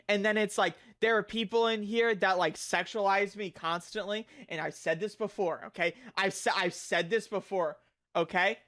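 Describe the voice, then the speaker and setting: A young man streaming a reaction video, ranting with lots of swearing and frequent shouting. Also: sits high. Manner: loud, profane, frequently shouting.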